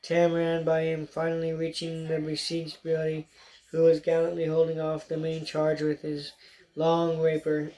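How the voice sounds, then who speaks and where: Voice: medium pitch, completely flat delivery, moderate pace, dark tone, poor audio. An audiobook narrator reading a story aloud in a plain way, with stumbles now and then.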